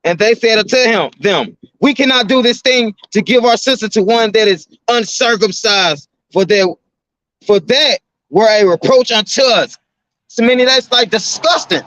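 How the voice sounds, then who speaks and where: A man teaching from scripture, reading verses slowly and then explaining them in slangy, conversational talk that keeps checking in with "right?". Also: sits high, a bit bright, no room sound. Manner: slows down and lifts his voice to read verses. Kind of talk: reading scripture aloud with casual commentary. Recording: dull, lo-fi, dry sound.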